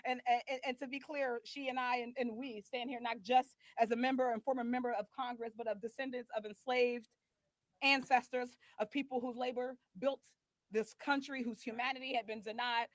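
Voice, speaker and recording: A woman's voice: a little high, fairly even intonation, normal speed, dry recording. A woman member of Congress giving a press conference speech, emphatic and building with repeated phrases.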